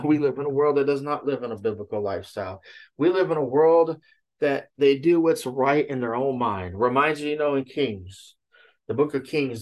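In a medium-pitched, slightly mellow voice, a pastor preaches, retelling a story with frequent "he said" tags. He checks in with "okay?" along the way and then teaches from scripture.

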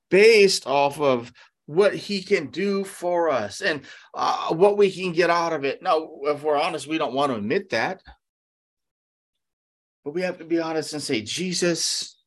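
A male pastor with a somewhat high voice delivers a conversational sermon, posing rhetorical questions and acting out quotes.

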